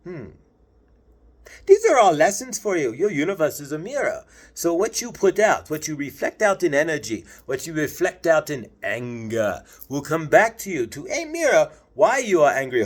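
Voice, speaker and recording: A man channeling a spiritual message, preachy and questioning, with slow stretches and sudden high swells.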